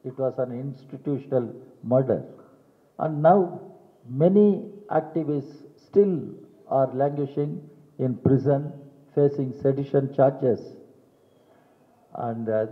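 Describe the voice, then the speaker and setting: An older man with an Indian English accent making a deliberate, emphatic press conference statement, repeating key phrases. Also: mid-range voice. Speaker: party general secretary at a press conference. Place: press meet hall. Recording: tinny phone-like sound in a long echoing hall.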